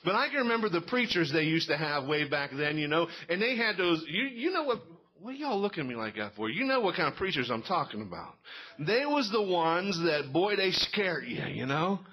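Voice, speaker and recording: A man's voice: a little high, very animated, brisk, sharp tone, slightly rough. A middle-aged man telling folksy stand-up stories and quizzing a live audience in a small cafe. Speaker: comedian.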